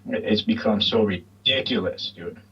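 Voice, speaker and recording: A man's voice: fairly low pitch, measured pace, a bit bright, slightly rough, recorded from a distance, muffled recording. A man guesting on an online radio chat, talking in a rambling, laid-back way with casual swearing. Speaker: guest, YouTube channel host.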